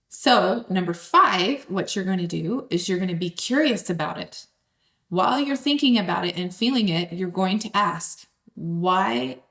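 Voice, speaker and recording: A woman, possibly in her thirties, calmly teaching step-by-step steps and speaking straight to the listener. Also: mid-range voice, creaky. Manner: calm, direct, speaks to the listener. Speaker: host.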